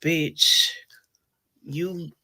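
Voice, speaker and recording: A woman's voice: sits low, fairly even intonation, very slow, pushed and bright, husky. A woman in a clip from a reality show, ranting in a fiery, cursing, mocking way. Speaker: reality show cast member. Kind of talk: heated confessional rant.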